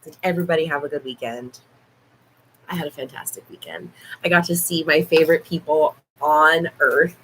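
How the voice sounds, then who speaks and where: A hoarse young woman hosting a casual livestream, chatting warmly and fondly with her viewers. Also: sits low, moderate pace, a little hiss or hum, low-quality recording. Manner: chatty, affectionate toward viewers. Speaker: livestream host.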